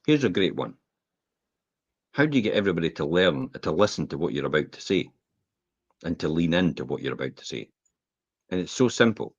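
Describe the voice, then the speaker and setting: A man coaches emphatically in a casual podcast, his low, husky voice swooping up and down as he makes each point. The recording is dry and a little dull. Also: sing-song, fairly quick, pauses often, no room sound. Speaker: co-host.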